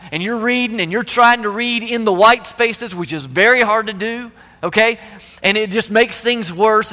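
Male pastor, high and bright, talky sermon delivery with repeated words, reverberant hall sound. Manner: conversational preaching with rhetorical questions and repeated words. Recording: long reverb of a large hall.

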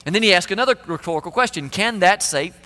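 A high, bright male voice, preaching in an easy conversational way that keeps asking the listeners questions. His words ring out with the long reverb of a large hall. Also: expressive, fast. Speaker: pastor. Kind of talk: sermon.

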